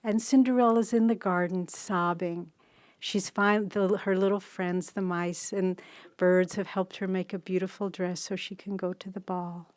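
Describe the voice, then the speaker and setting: A woman in her sixties giving a devotional talk as a spiritual teacher, telling a story in a gently earnest way. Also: lowish voice, steady tone, a little slow, no echo.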